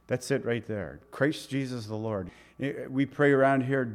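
A man's voice: mid-range voice, normal speed, hardly any pauses. A man preaching a verse-by-verse sermon, conversational and emphatic, with off-hand asides and touches of sarcasm. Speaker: pastor. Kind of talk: expository sermon.

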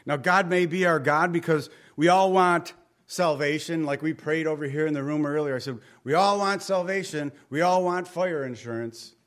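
Here the preacher's voice sits a little high, with a fairly bright tone and normal pace. Addressing a group in a room, he delivers his Bible study sermon casually, his volume ebbing and swelling until it nearly becomes a whisper.

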